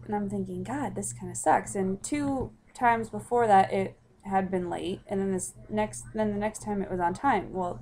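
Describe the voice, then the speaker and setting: A woman's voice: medium pitch, warm tone, a little hiss or hum. A young woman telling a personal story in a casual, rambling way, with many fillers and restarts.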